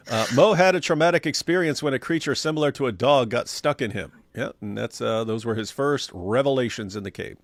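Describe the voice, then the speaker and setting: A man's voice: mid-range voice, moderate pace, no echo. A man co-hosting a casual livestream, reading viewer comments aloud and answering them with sarcastic jokes. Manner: sarcastic, animated, joking. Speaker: co-host reading viewer chat.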